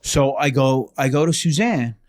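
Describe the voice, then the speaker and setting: Animated, profane male storyteller. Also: mid-range voice, moderate pace. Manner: animated and profane, acts out dialogue. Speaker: podcast guest telling a ghost story. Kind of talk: casual storytelling.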